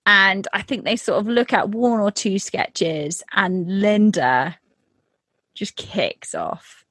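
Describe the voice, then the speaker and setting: A woman's voice: mid-range voice, takes it slowly, a bit bright, no room sound. A woman in casual chat telling a workplace story, with lots of fillers and acted-out quotes. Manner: chatty, many fillers, acts out quotes.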